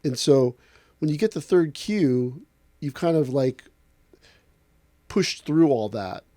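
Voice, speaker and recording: A man, an aikido instructor, in a casual podcast talk, telling lively stories and acting out other people's lines. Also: medium pitch, slow pace, no room sound, studio quality. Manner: animated storyteller acting out other people's voices.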